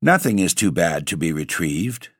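A man's voice: sits low, sing-song, normal speed, fairly bright tone, no echo, clean studio sound, exaggerated voice. A man doing a blunt, stubborn baron. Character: weary male baron, moody nobleman given to sudden laughter.

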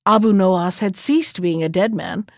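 A woman host reading a fairy tale aloud in a measured, clear way. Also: medium pitch, no echo, clean studio sound. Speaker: storyteller host.

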